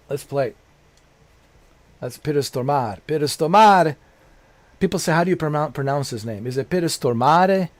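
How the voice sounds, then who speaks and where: Slow, rambling male game streamer. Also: medium pitch, dry recording. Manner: rambling and repetitive, swears casually. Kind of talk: casual live-stream chatter.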